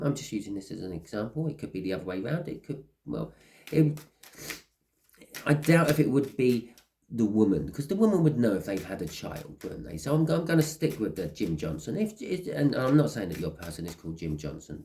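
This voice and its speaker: A man talking through a tarot spread in a loose, rambling way, slipping into small acted-out scenes along the way. His voice sits on the low side. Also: sing-song, a little fast, mellow, slight background noise. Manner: rambling, acts out little scenes. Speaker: tarot reader. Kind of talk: casual tarot reading monologue.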